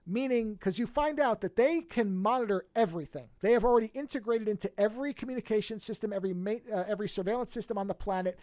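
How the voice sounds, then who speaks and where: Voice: medium pitch, fast, hardly any pauses, no echo, clean studio sound. A podcast host casually recapping a TV series, telling it with energy and acting out the characters' lines, often restarting and correcting mid-sentence. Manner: animated storytelling, acts out characters' lines.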